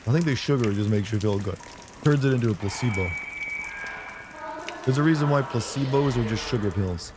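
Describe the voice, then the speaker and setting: A man with a hoarse, sick voice giving rambling, jokey commentary while streaming a game and chatting with viewers. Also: on the low side, a little fast, noisy background. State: hoarse from a sore throat. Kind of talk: casual gameplay commentary.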